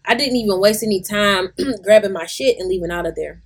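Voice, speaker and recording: Husky-voiced woman podcast host. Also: mid-range voice, a little fast. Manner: blunt, frank, swears freely. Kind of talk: casual chat, reading a listener story. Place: lives in Atlanta.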